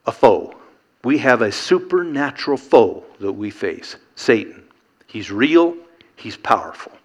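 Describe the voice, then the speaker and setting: A man's voice: medium pitch, sing-song, measured pace, highs cut off. A middle-aged man preaching a sermon, earnest and emphatic, building to rhetorical questions.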